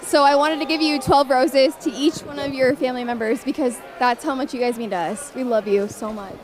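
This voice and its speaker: A high-voiced woman speaks warmly to a player's family. A loud crowd surrounds her on the ice. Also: fairly even intonation, a little fast. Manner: heartfelt, affectionate.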